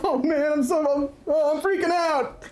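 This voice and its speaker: A man's voice: high voice, very animated, slow, reverberant, a little hiss or hum, voice pushed up, exaggerated voice. A man voicing a lost, panicky surfer-dude water-slide worker with a laid-back slacker drawl in a tabletop game. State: freaked out.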